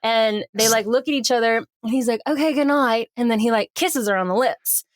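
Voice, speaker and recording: A woman with a fairly high voice hosts a casual podcast chat, recapping a film scene by scene. She acts out the characters' lines with lively, playful energy, and the sound is dry and close to the mic. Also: fairly quick, dry recording. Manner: animated storytelling with acted-out quotes. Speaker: podcast host.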